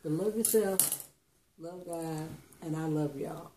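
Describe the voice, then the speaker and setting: A woman's voice: sits low, slow, dark tone, a little hiss or hum. A woman, the vlogger's mother, giving earnest casual advice and repeating words as she gathers her thoughts. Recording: echoey kitchen with dishes clattering.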